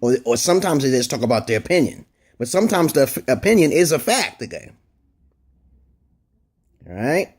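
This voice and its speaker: A man's voice: mid-range voice, very animated, moderate pace, long pauses, darkish tone, slightly rough. A man vlogging a rambling opinion monologue, often stopping to ask "okay?" and restarting his words, with casual swearing.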